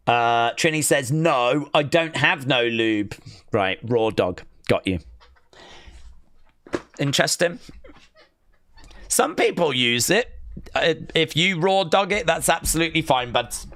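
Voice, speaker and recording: A man's voice: medium pitch, a bit bright, dry recording, clean studio sound. A British man hosting a live stream, reading out viewer comments and bantering with them in a teasing, mock-outraged way. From Britain. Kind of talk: casual watch-along chat reading viewer comments.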